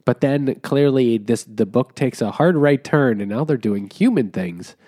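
A man co-hosting a podcast, talking in an animated, sardonic way about a book. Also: medium pitch, unhurried. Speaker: podcast co-host. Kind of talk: casual book discussion.

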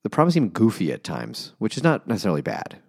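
A man's voice: lowish voice, wildly swooping pitch, quick pace, creaky, slightly rough. A man co-hosting a casual book podcast over beers, talking loosely and hesitantly, with the odd swear word.

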